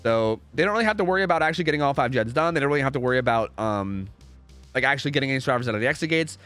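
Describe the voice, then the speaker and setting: A man's voice: mid-range voice, animated, rapid-fire, fairly bright tone, clear, resonant tone, soft background music. A young man casually commentating a game live on stream, rambling, repeating himself and swearing freely.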